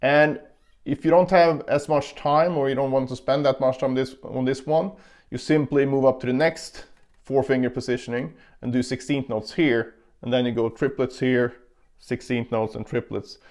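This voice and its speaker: A man's voice: medium pitch, fairly even intonation, normal speed, a little mellow. A man giving a casual guitar lesson, explaining picking and counting beats aloud as he demonstrates. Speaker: guitar teacher. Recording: guitar playing in between.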